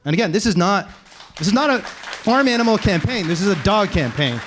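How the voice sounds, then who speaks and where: A man speaking on a panel as an animal rights activist, animated and laughing as he tells stories. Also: high-pitched, slight background noise. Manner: animated, fast, laughing storyteller. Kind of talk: casual panel talk.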